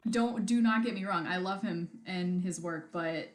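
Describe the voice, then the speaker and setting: A woman's voice: on the low side, normal speed. Woman podcaster laughing through casual chat, echoey room sound. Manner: giggly, frequent laughter. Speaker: podcast co-host.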